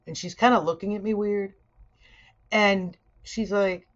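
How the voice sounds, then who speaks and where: A middle-aged woman teaching sociology in a conversational video lecture, weaving personal stories with lively asides. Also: medium pitch, measured pace, highs cut off. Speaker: sociology instructor.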